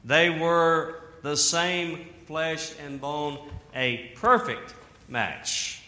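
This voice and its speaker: A man preaching a sermon in an animated way, with humor and asides. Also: fairly high pitch, extremely slow. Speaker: pastor. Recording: echoey hall.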